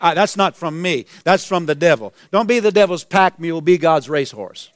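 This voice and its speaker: Emphatic high-voiced preaching man. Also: animated, moderate pace. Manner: preaching with rising emphatic exclamations. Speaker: pastor. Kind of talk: sermon.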